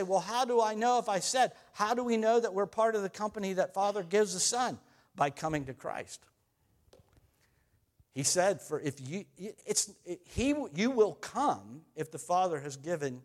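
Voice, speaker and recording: A man preaching a sermon, reading scripture aloud and stressing key phrases again and again. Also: high voice. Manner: emphatic, repeating key phrases.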